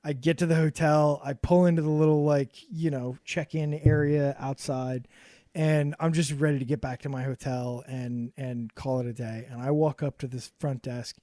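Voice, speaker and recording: Animated, swearing storyteller man in his thirties. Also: mid-range voice, no echo, clean studio sound. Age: 30s. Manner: animated storyteller, swears a lot, laughs often. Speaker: podcast co-host. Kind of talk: casual boozy podcast chat.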